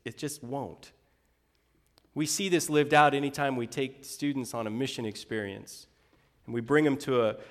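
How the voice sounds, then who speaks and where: Middle-aged guy preaching, chatty, asks questions, long echo in the hall. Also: medium pitch. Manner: conversational preaching with rhetorical questions, slowing for quoted scripture. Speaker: pastor. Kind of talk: sermon.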